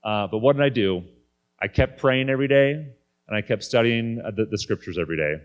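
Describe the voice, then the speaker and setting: A man's voice: mid-range voice, animated, a little fast. A man in his thirties giving a candid, conversational personal faith talk from a conference stage. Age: 30s. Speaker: guest speaker.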